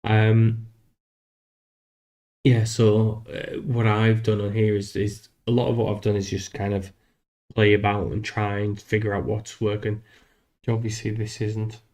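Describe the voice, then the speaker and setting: Male streamer, low and unhurried, casual self-deprecating think-aloud. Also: flat delivery, darkish tone. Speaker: streamer making a game. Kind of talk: casual live-stream commentary while coding.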